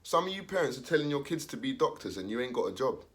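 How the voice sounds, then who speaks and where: Young man, casual slang, animated, acts out voices, mid pitch. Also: fast. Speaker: commentator. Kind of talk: casual opinion monologue.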